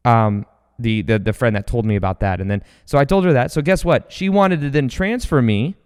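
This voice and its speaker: Guy rambling through stories on his podcast, smooth clear voice, long echo behind him. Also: mid-range voice, a little fast. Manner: rambling, energetic, with many fillers and restarts. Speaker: podcast host. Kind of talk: casual storytelling monologue. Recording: long hall reverb.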